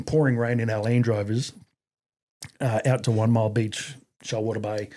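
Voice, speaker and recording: A middle-aged Australian man, a podcast guest and army veteran, telling a story casually and profanely, acting out what others said. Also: medium pitch. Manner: profane, animated, acts out quoted voices.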